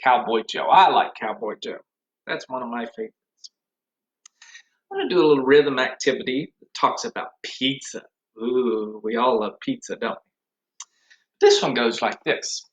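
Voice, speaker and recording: A man's voice: mid-range voice, expressive, normal speed, low-quality recording. A man teaching an online music class for young children, with sing-song call-and-response. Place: home room, recording to a computer.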